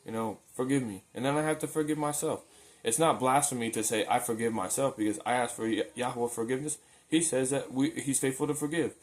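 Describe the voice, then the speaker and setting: Speaking quickly in a mid-range voice, this religious video maker preaches informally and earnestly in a daily faith clip. His delivery is loose and conversational, with frequent repeated words whenever he starts a thought over.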